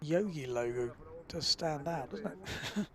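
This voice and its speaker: A man commentates live on a windsurfing event, relaxed and chatty, often filling pauses with "uh." His voice is a little high.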